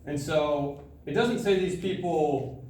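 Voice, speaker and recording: Young man, student speaker, casual animated sermon, slightly high voice, heard from afar in a very echoey room, faint noise. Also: slow pace, distant mic. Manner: casual, animated storytelling with laughter. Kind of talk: sermon with personal story. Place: large room at a student gathering.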